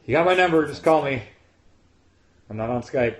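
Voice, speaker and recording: A man's voice: mid-range voice, animated, normal speed. A man giving casual livestream commentary, brash, profane and mocking. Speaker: streamer who built the level.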